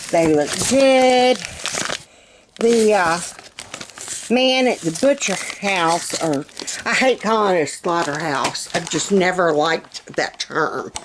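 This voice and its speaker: A woman's voice: mid-range voice, a little hiss or hum. A middle-aged woman from Alabama with a Southern accent, chatting casually on her home vlog, a bit out of breath, rambling with fillers. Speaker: home vlogger.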